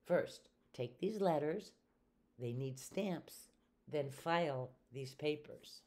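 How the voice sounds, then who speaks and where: A woman's voice: low voice, lively intonation, slow, warm tone. A woman voicing a harried man who runs an office in a storybook, curt and exasperated.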